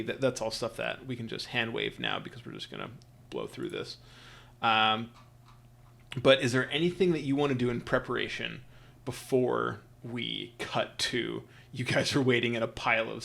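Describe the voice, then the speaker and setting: A man's voice: mid-range voice, creaky, pushed and bright. A man narrating as game master in a tabletop game, rambling and laughing easily.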